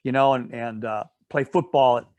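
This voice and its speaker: A man's voice: medium pitch, steady tone, moderate pace, a little mellow, dry recording, highs cut off. A man leading a casual Bible study. He retells a story in a rambling way, with asides and self-corrections, and often checks in with "all right?".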